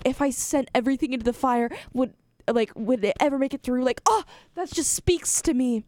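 A young woman doing an impression of her co-host as a gushing, excitable fangirl DJ who piles up fillers and exclamations. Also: fairly high pitch, no room sound, natural voice. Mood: excited. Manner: breathless, gushing, filler-heavy.

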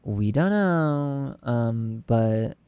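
A podcast co-host in casual, playful chat, agreeing readily and tossing in quick asides. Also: medium pitch, animated, warm tone, clean tone, no echo.

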